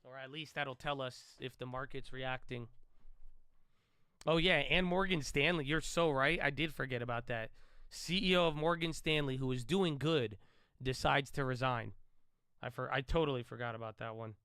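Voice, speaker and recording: A man's voice: mid-range voice, moderate pace, clean tone, dry recording. A man hosting a live trading stream, giving loose, chatty market commentary and calling listeners bro. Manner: says he tends to sound loud and yelling.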